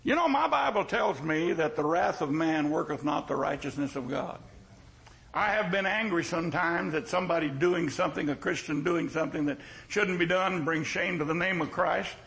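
Folksy preacher guy, high gravelly voice, jokes around and keeps hammering his point. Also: normal speed, a bit bright, low-quality recording. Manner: folksy, joking, emphatic repetition. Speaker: pastor. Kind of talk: sermon.

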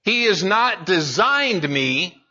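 A man's voice: high-pitched, very animated, takes it slowly, bright, forceful tone, muffled recording. A man preaching a sermon in an earnest way, building emphasis and often restarting his words as he speaks. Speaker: pastor.

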